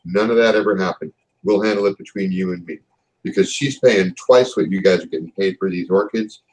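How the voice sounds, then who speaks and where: A man voicing a stern but wry male company boss who talks in a measured, businesslike way, pausing on fillers. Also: deep voice, darkish tone, low-quality recording.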